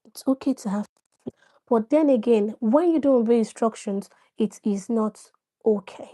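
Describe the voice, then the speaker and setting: On a relaxed live stream, this woman chats with her audience about parenting, calling people by name and illustrating ideas with examples. She speaks at a normal speed in a slightly high, warm voice.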